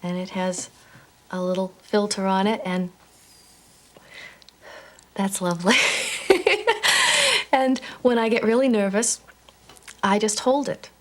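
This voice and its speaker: A woman's voice: mid-range voice, steady tone, slow pace, pauses often. Earnest woman who quit smoking. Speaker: interviewee, former smoker. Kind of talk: documentary interview.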